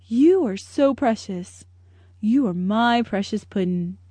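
A woman reading a children's audiobook voices a loving father, speaking slowly and tenderly. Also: mid-range voice, expressive, mellow, breathy edge, no echo. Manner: slow, tender and doting. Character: loving gentle father, adult man.

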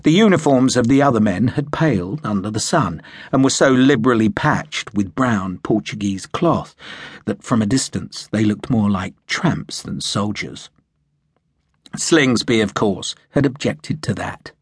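A man narrating an audiobook in a measured, storytelling manner. His voice is low and husky. The recording is close and dry, with no room sound. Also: animated, no echo. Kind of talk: scripted narration.

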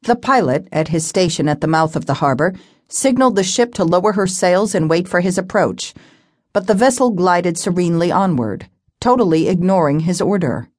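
Woman reading a fantasy audiobook, low voice, steady, super dry close mic. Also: moderate pace, no room sound. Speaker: audiobook narrator. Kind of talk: scripted narration.

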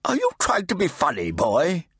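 A man's voice: on the high side, wildly swooping pitch, moderate pace, husky, dry recording, clean studio sound, pitched above the performer's own voice, full character voice. A man voicing a fat, bullying male monk who runs a kitchen, barking questions in an audiobook reading. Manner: barking, shouting interrogation. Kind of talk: audiobook character voice.

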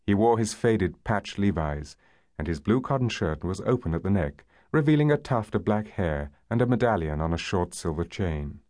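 A man narrating a novel as an audiobook, in a measured and expressive storytelling manner. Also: low voice, no echo, studio quality. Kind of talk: scripted narration.

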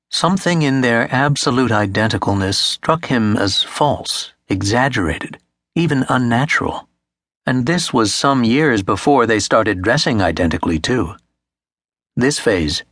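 A man narrates a literary novel for an audiobook, reading in a measured, steady way into a close studio mic. His pitch is medium, and there is no room sound.

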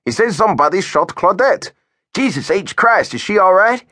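A man's voice: high-pitched, animated, normal speed, sharp tone, dry recording, pitched above the performer's own voice, heavily acted. A man doing a brash young Texan boss. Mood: alarmed. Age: 20s. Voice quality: brash, commanding.

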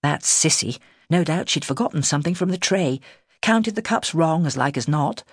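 A woman's voice: low-pitched, animated, normal speed, slightly rough, no echo, clean studio sound, exaggerated voice. A woman voicing a proud, guarded young servant girl with clipped country speech.

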